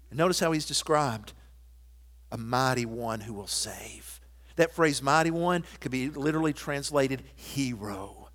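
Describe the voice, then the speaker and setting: High-voiced man preaching with big swings. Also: animated, normal speed. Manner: swings from loud emphatic preaching to soft intimate tones; quotes scripture and hymn lines. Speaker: pastor. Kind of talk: sermon.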